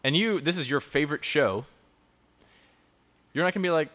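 A man's voice: fairly high pitch, moderate pace, fairly bright tone. A man hosting a live talk for young people, joking and improvising tangents as he explains. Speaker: youth talk presenter and show host. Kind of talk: live talk to a youth audience.

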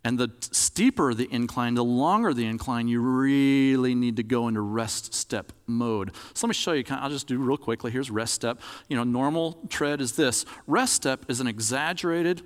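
A man's voice: medium pitch, expressive, moderate pace, hardly any pauses, in a large hall. A man preaching a sermon in a conversational, demonstrative way, acting out examples as he talks.

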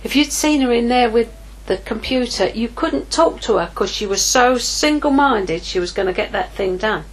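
A woman's voice: a little high, expressive, moderate pace, few pauses, rough recording. A middle-aged woman giving an informal sermon, telling a personal story candidly and acting out her own inner dialogue. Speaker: ministry leader preaching.

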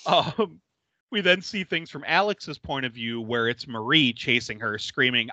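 This podcast host, medium-pitched and a little slow, chats casually about a horror film he's recapping. He's animated, laughs frequently and swears freely, and the recording is dry.

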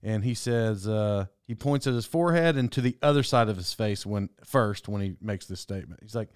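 A man's voice: lowish voice, a little fast, hardly any pauses, clean tone, no room sound, clean studio sound. A young man telling a story casually, rambling with restarts and chuckling as he goes.

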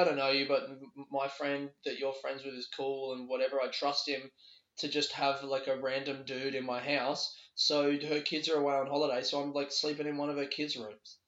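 A man hosting a casual solo podcast, telling a rambling, sweary story with quick laughs from a bedroom. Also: medium pitch, level tone, fairly bright tone. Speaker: podcast host. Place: a bedroom in a borrowed house. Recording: echoey room, dull lo-fi sound.

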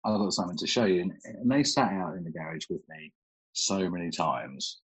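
Middle-aged man, very low voice, husky, casual storytelling, laughs a lot. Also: animated, a little fast, poor audio. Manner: chatty storyteller, laughs often, swears casually. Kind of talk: casual chat.

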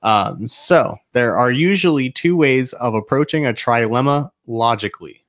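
A man's voice: medium pitch, moderate pace. Casual young male podcast host. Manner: explains from notes, swears and laughs freely.

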